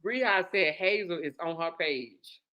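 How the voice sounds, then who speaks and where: A woman, gossiping in a sassy, animated way on a casual chat show. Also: lowish voice, a little slow, muffled recording. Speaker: co-host.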